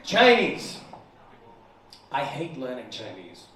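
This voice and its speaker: A man's voice: mid-range voice, huge pitch swings, slow pace, fairly bright tone. A British man in his twenties doing a profane, brash stand-up set, acting out the dialogue in his stories. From United Kingdom. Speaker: stand-up comedian. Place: comedy bar showcase, indoors. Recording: distant mic, heavy room echo, audience laughter.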